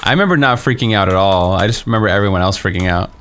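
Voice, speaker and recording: A man's voice: low voice, rapid-fire, fairly bright tone. A young man streaming a game, telling a story in a casual, rambling way with many fillers and restarts. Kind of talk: casual storytelling while playing.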